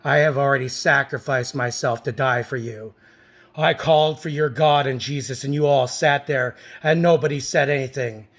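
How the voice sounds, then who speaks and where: Gravelly man telling a rambling story. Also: medium pitch, fairly even intonation, moderate pace. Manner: rambling, intense storytelling with sudden loud outbursts. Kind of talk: emotional personal story told to camera.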